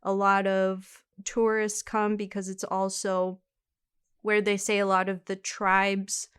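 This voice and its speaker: Smooth-voiced woman telling a case. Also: mid-range voice, level tone, slow, a bit bright. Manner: chatty, laughs easily, reads case details. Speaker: podcast co-host telling the case. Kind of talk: casual true-crime storytelling.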